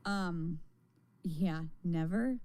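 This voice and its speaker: Tired woman livestreamer, slow and gravelly, rambling chat to viewers at home. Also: lowish voice, a little mellow. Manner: rambling, laughing, swearing casually. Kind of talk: casual live-stream chat. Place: her home.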